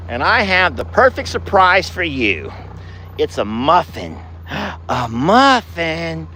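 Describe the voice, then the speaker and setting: A man hosting a casual ranch vlog outdoors at night, drawling to viewers and cooing in a high sing-song at his cows. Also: very animated, slow, pushed and bright, a little hiss or hum. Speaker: ranch vlogger.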